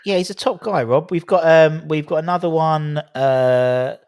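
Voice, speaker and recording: A man's voice: a little high, unhurried, clean tone, no echo, studio quality. Chatty man hosting a live show. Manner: chatty, swears casually, animated when excited. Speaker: host of a fan live-stream call-in show. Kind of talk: casual chat and football opinion.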